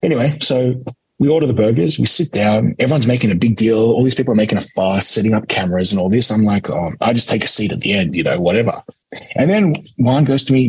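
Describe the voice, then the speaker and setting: A young Australian man, an interview guest, telling a lively casual story and acting out quoted lines. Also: mid-range voice, a little fast, slightly rough, no room sound, rough recording. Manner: animated anecdote-telling, acts out quotes. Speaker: interview guest, competitive eater.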